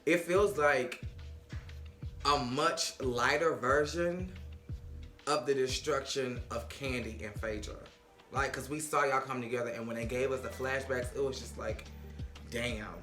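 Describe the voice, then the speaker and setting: A woman recapping reality TV in a blunt, sassy vlog voice and swearing freely. Her tone is bright and edgy. The room is echoey, with faint music behind her. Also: extremely low pitch, fairly even intonation, unhurried. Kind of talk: casual, profane TV recap vlog.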